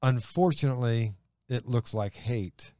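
A man co-hosting a faith show, reading scripture and preaching earnestly, slowing down to stress his points. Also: medium pitch, mellow, dry recording, studio quality. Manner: earnest, slows down for emphasis.

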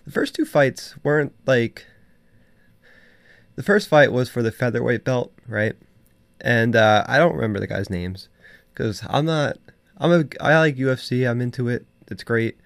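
A man's voice: mid-range voice, lively intonation, moderate pace, creaky, no echo. A young man casually recapping a fight night, rambling with many fillers and restarts. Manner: rambling, filler-heavy, frequent laughs and restarts.

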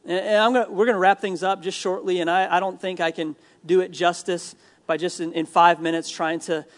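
A young adult man preaching a sermon in a casual, conversational way, with humor and frequent restarts. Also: high-pitched. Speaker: pastor.

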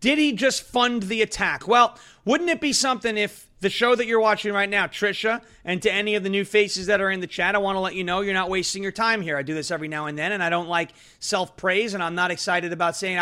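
A man hosting a political commentary show, talking loud and fast and ranting. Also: sits high, clear, resonant tone. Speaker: host.

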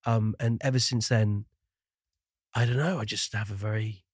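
A man's voice: fairly low pitch, fairly even intonation, moderate pace, slightly rough, no echo, clean studio sound. A man from the Shetland Islands with a mostly neutral British accent, hosting a podcast in casual, self-deprecating chat and laughing often. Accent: neutral British with faint traces. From Shetland Islands, Scotland. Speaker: podcast host.

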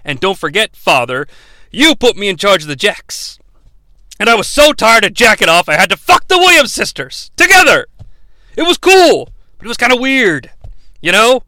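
Casting: a man playing a cocky scheming boss, bright lively delivery, bragging and offhand. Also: sits high, normal speed, no echo, exaggerated voice. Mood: boastful.

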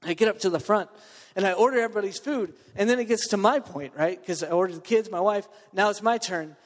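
A man's voice: high-pitched, fast talker, in a large hall. A man preaching a sermon to his church, telling a story with lots of fillers and asides. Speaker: pastor.

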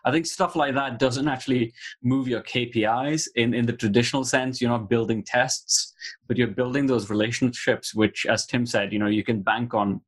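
Brief: man, panel host, measured and easygoing. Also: mid-range voice, steady tone, husky. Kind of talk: casual panel discussion.

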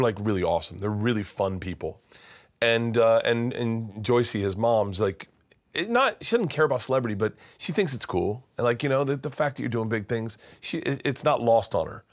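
A man's voice: medium pitch, normal speed. A man telling a long story in casual chat, rambling with many restarts. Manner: rambling, animated, many restarts, acts out voices. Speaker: guest storyteller.

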